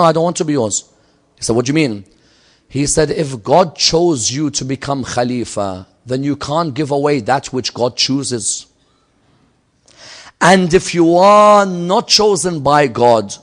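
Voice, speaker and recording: A man giving a religious lecture, telling a story and swinging from loud emphatic peaks to low, quiet asides. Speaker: Islamic lecturer.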